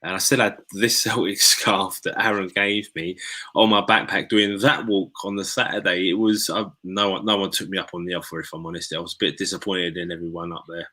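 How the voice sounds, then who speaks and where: A man's voice: sits low, level tone, brisk, sharp tone. A man hosting a casual chat, encouraging and rambling with restarts. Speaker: host.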